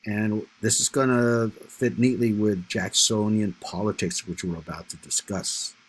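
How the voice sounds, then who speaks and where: A man with a deep, low voice that has a husky, slightly rough grain delivers a history lecture over slides. He talks casually, filling his points with "you know" and "right?", and sounds like he is speaking straight to his students. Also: steady tone, a little slow, poor audio.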